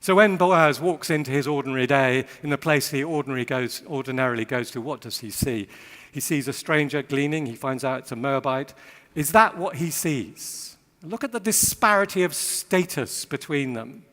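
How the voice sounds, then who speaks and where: A man's voice: medium pitch, normal speed, a bit bright. A man giving a witty, rhythmic sermon talk to a live audience, repeating phrases for emphasis. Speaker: speaker giving a Bible talk. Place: large hall with long reverb. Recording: voice echoing in a large hall.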